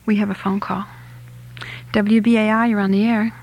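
A woman hosting a call-in radio show, reading listener letters aloud in a measured, deliberate way. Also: medium pitch, flat delivery, darkish tone, poor audio. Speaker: radio host.

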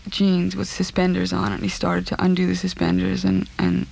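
A woman recounting a personal ordeal in an interview, speaking in a halting, subdued way and repeating herself. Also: on the low side, completely flat delivery, creaky, darkish tone, slightly rough.

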